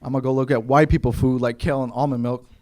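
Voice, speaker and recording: A man from Kentucky telling stand-up stories on stage to a live audience, with an animated, punchy, conversational delivery into a handheld mic. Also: mid-range voice, fast, a little hiss or hum. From Kentucky, USA. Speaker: stand-up comedian. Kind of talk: stand-up comedy storytelling.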